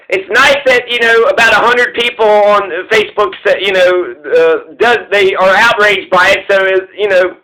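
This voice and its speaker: A man rambles through personal anecdotes, drifting from one thought to the next and swearing freely. His voice sits high and sounds bright and ringing. He slips into quick impressions of other people as he talks. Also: rough recording. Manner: meandering, profane, acts out voices of others.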